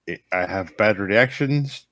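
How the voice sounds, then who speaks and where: A man playing a tabletop game, talking in a halting, stammering way. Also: fairly low pitch, lively intonation, a bit bright, no room sound. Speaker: player. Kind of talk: tabletop role-play.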